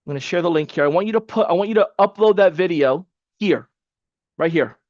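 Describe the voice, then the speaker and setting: High-voiced energetic male coach. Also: fairly quick, dry recording, dull audio. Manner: energetic, repetitive, casual motivational coaching. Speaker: webinar coach. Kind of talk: live online training.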